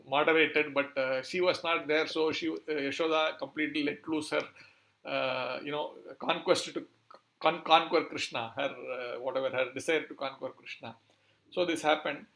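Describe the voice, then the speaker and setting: Male preacher, fairly high voice, halting delivery with many fillers. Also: fairly even intonation, creaky, a bit bright. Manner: hesitant, many fillers, searching for words. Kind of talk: scripture storytelling talk.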